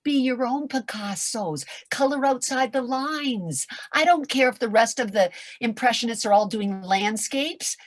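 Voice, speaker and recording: An older woman coaching performers in an animated chat, theatrical and shifting between soft whispers and loud outbursts. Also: a little high, a little slow, few pauses, dry recording. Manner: theatrical, swings from whispers to shouts.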